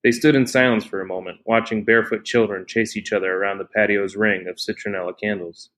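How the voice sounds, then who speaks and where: A man narrating a novel in a steady, measured reading voice. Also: lowish voice.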